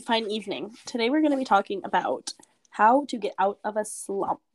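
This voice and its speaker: A woman's voice: mid-range voice, expressive, fairly quick. A young woman co-hosting a podcast, chatting casually with a giggly, playful, rambling manner. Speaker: podcast co-host.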